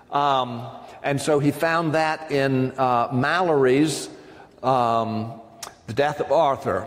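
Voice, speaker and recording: A man giving an academic lecture to a live audience, discursive, with frequent ums and asides to his listeners. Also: medium pitch. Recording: long reverb of a lecture hall.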